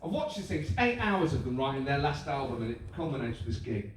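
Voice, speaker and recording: Animated stand-up comedian. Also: male voice, medium pitch, quick pace, slight background noise. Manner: animated, mimics voices and accents for laughs. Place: live venue with audience. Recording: echoey live room, mic heard from a distance.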